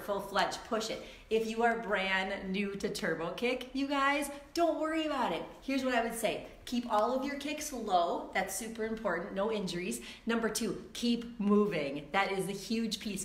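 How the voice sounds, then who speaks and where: With a fairly bright, medium-pitched voice slightly roughened by the early hour, a woman fitness instructor chats with viewers and welcomes them by name before her live online class. She's upbeat, and the room at home gives an echo.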